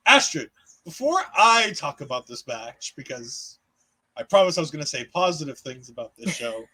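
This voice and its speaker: Guy cohosting a wrestling recap, high bright voice, swears a lot, jokey asides. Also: normal speed, low-quality recording. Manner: animated, swearing, joking asides. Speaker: podcast co-host. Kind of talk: casual wrestling recap chat.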